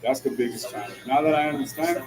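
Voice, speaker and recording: A man vlogging as he drives talks fast in a medium-pitched voice, with music and a crowd audible behind him. His casual monologue is heavy on slang like "yo" and "you know what I'm saying," and laughter often breaks up his lines. The audio is poor.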